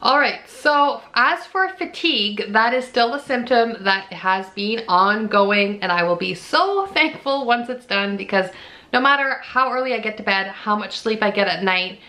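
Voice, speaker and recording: A woman's voice: mid-range voice, expressive, normal speed, bright, forceful tone. Chatty young mother vlogging at home. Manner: chatty and candid, frequent "like" and "you know". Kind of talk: casual pregnancy update vlog. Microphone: camera mic.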